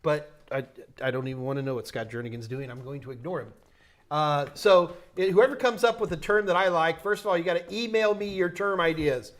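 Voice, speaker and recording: Man, New York accent, fairly high voice, loose joking live Q&A host. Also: a little fast. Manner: loose, joking, thinks aloud with restarts. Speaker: host answering tech questions. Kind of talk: live Q&A stream.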